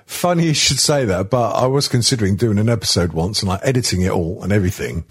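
A man's voice: fairly low pitch, lively intonation, fast talker, slightly rough. A British man hosting a podcast, chatting in a crude, jokey way and laughing often. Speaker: podcast host. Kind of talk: casual comedy podcast chat.

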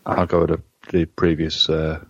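A man's voice: very deep voice, flat delivery, moderate pace, no room sound, dull audio. A man co-hosting a podcast, chiming in with dry, matter-of-fact remarks. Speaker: podcast co-host. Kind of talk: casual podcast chat.

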